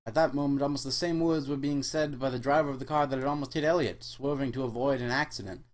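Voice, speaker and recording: Deadpan man reading a novel aloud. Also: mid-range voice, quick pace. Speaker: host and reader. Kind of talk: mock-serious comic book reading.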